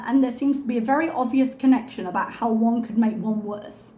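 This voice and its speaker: A woman hosting a reaction video, talking calmly with pointed, sarcastic remarks. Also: fairly high pitch, a little fast, echoey room. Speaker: reaction channel host. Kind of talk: soft-spoken reaction commentary.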